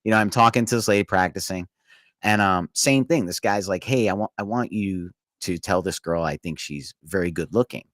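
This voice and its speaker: A man's voice: deep voice, normal speed, fairly bright tone, no room sound. Chuckling man with dry close sound. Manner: rambling, chuckling storyteller. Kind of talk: casual storytelling chat.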